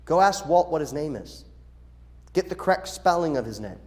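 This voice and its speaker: A middle-aged pastor speaks to his congregation in a slightly raised, lively voice. He instructs the children's workers with energy, slipping into quoted voices as he goes. The talk comes from a church service. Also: on the high side, moderate pace. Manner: animated, acts out quoted voices. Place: church sanctuary.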